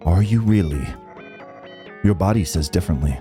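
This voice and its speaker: A man voicing a meek, soft-spoken old male stranger who talks in a timid, halting way. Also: deep voice, faint music behind, voice pushed down, close to an everyday voice. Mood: insistent.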